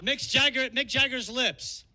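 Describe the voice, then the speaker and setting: A man's voice: very high voice, a little slow. An older man from the American South doing a stand-up set, wry and self-mocking. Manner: wry, self-mocking punchlines with many character voices. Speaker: stand-up comedian. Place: comedy club stage. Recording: noisy live club recording.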